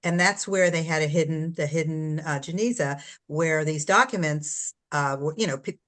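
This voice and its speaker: A woman's voice: deep voice, normal speed, fairly bright tone. An older woman, an author, talking casually about her book, rambling and stopping to search for words with many fillers.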